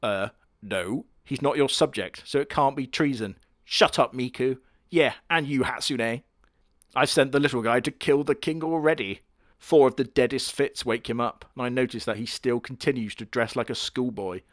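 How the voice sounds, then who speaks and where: Brief: male reviewer, crude deadpan humor, mid-pitched, dry close mic. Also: normal speed, no room sound. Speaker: anime reviewer. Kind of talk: comedic anime commentary.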